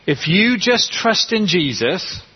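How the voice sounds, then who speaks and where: A man preaching a sermon, emphatic and slowing down to stress key words. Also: high voice, very animated, husky, lo-fi sound. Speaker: pastor.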